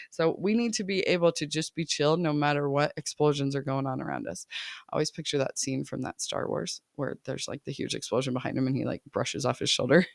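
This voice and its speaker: A woman in her thirties hosting a coaching podcast, talking in a chatty, casual way and laughing often. Her voice has a gravelly, fry-touched texture, recorded dry and close with no room sound. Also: low-pitched, dry recording. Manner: chatty, laughs often, asks listeners "right?". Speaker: life coach podcast host.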